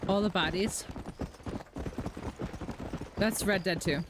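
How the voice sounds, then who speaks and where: A woman giving casual commentary as she plays a game on stream. She chats along at a middle pitch and giggles often. Faint noise sits behind her voice. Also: slow. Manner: giggly, chatty.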